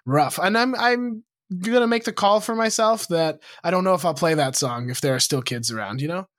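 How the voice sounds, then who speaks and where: A man's voice: high-pitched, fairly bright tone, no echo, studio quality. A young man co-hosting a casual podcast, joking, laughing often and acting out quoted lines. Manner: jokey, quick to laugh, acts out quotes. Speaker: podcast co-host.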